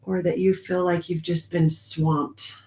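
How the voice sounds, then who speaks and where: Leading a live online spiritual group from an echoey room, this woman speaks in a voice on the low side with a flat delivery. She's warm and confiding, laughs often, and sometimes slows her speech.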